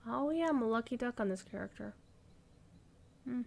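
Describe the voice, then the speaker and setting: A woman's voice: fairly high pitch, normal speed, vocal fry. A woman streaming a game, chatting casually and rambling as she thinks aloud. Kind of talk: casual gaming stream chat.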